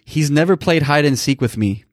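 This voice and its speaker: A man's voice: fairly high pitch, expressive, brisk, dry recording, studio quality. A man in his thirties telling a personal story on a podcast, emotional and rambling, with many restarts. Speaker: podcast co-host. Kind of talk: casual storytelling.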